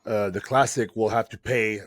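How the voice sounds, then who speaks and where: A man's voice: on the low side, steady tone, moderate pace, no room sound. A man chats on a podcast, rambling through his ideas with many fillers. His voice sounds close and dry, with no room around it. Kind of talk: casual podcast chat.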